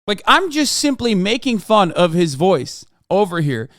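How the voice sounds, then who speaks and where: Male streamer, blunt profane reaction commentary, high-pitched, dry. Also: big pitch swings, a little slow, fairly bright tone, dry recording.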